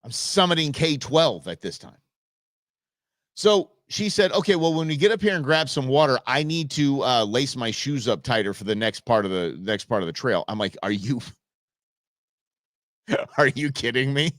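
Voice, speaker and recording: Animated middle-aged man telling a story. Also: medium pitch, moderate pace, dry recording, clean studio sound. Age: 50s. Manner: animated, joking, acts out quoted exchanges. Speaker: show host. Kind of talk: casual storytelling monologue.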